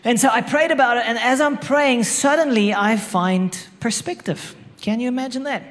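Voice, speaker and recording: A man's voice: extremely high pitch, moderate pace, fairly bright tone. A man telling a humorous, self-mocking story about his marriage to an audience. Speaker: speaker sharing a marriage story. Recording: echoey hall.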